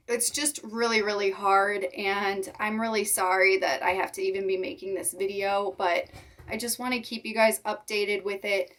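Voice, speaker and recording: A young woman hosting her reptile channel, talking to viewers in a halting voice while holding back tears. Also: medium pitch, a bit bright, far from the mic. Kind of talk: emotional vlog talk to viewers.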